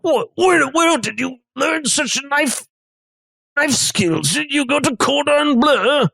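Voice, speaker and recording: A man voicing a fussy, theatrical chef in an improvised comedy role-play, in a high, excitable manner. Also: slow pace, creaky, no room sound, exaggerated voice. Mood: astonished.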